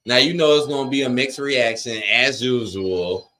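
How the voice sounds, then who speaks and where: A man's voice: medium pitch, normal speed, pushed and bright, a little hiss or hum. A man hosting a live watch-along stream, chatting casually and reading out viewer comments. He talks in blunt, slangy, opinionated bursts, straight to his chat.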